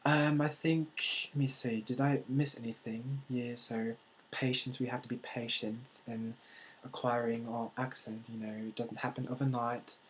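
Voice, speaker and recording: A man from the United States talking to camera in a vlog. He speaks in a deliberately unusual put-on accent and pauses often with fillers and restarts. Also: medium pitch, little pitch movement, slight background noise, rough recording. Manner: hesitant, with many fillers and restarts. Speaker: vlogger. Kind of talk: casual talk to camera.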